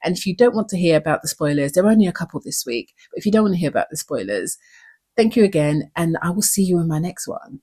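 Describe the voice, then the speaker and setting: A woman's voice: lowish voice, expressive, fast, warm tone, breathy edge. A woman hosting a recap show, talking in an earnest, reflective way and asking many questions. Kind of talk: recap commentary.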